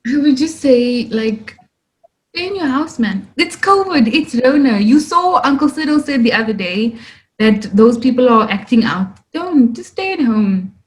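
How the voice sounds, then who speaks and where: Brief: young woman, animated podcast host, slightly high voice. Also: unhurried, rough recording. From South Africa. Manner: animated, exclamatory, laughs often. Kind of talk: casual podcast chat.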